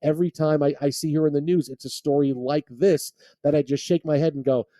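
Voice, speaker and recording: A man's voice: fairly high pitch, fairly even intonation, a little fast, dark tone, dry recording, clean studio sound. A man hosting sports talk radio, rambling and often restarting his sentences. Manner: rambling, repeats words when restarting thoughts.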